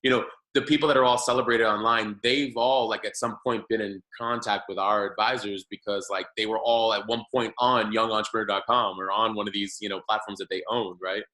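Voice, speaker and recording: A man's voice: lowish voice, fairly even intonation, fairly quick, hardly any pauses, bright, forceful tone, poor audio. A man in his thirties, a podcast guest, telling his story in a loose, rambling way with many fillers and restarts. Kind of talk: casual storytelling interview.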